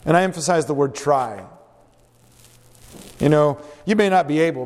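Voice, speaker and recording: A man's voice: on the high side, normal speed, big-room sound. A man preaching a sermon, earnest and exhorting, putting questions to the congregation.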